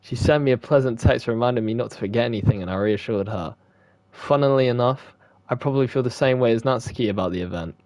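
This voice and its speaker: A man's voice: medium pitch, fast, a little mellow, no echo. A young man reads a visual novel aloud and swears freely between lines. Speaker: gaming streamer.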